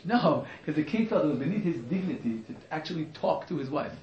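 A man with a fairly high voice teaches a class in an animated, joking way, breaking into little acted-out quotes and restarting his sentences. The sound is echoey and a little dull, as if recorded across a classroom. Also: brisk. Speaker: Torah teacher. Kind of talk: lively informal class on the Megillah.

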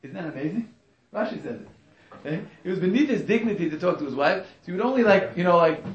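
A man teaching a lively, joking class on a religious text to students, acting out quotes with many restarts. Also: a little high, fast talker, echoey room, lo-fi sound. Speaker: Torah teacher. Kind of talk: lively informal class on the Megillah.

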